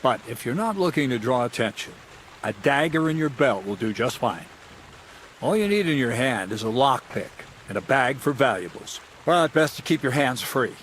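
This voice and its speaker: A man's voice: mid-range voice, lively intonation, moderate pace, fairly bright tone, slight background noise, lightly acted. An actor playing a wry, scheming male thief mentor in a video game, giving advice with dry mockery. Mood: instructive. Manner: wry, mocking, conspiratorial. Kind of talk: studio video game dialogue.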